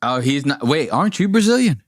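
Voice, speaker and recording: A man co-hosting a podcast in casual chat, laughing often and doing quick voiced impressions of people from clips. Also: fairly high pitch. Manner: laughing, animated, profane storytelling with voiced impressions. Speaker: podcast co-host.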